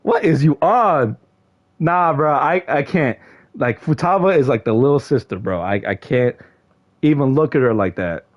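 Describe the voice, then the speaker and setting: A young man streaming casually to his viewers, excitable, often shouting in mock frustration and peppering his talk with slang. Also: medium pitch, moderate pace, muffled recording. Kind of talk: casual livestream chat to viewers.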